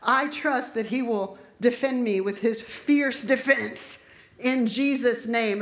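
A woman preaching a sermon, impassioned and building to forceful declarations. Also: on the high side, slow, reverberant.

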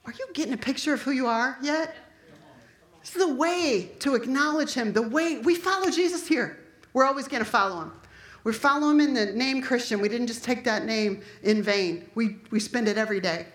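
Woman preacher, kinda high voice, fired up sermon, roomy echo. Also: animated, normal speed. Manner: impassioned, rising to forceful declarations.

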